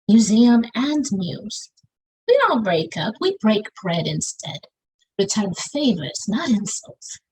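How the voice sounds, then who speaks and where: Southern lady doing spoken word over a video call, kinda husky, pitched a bit high, punchy rhythm. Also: darkish tone, low-quality recording. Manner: rhythmic, emphatic delivery with Southern slang. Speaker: poet. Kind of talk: spoken-word poetry performance.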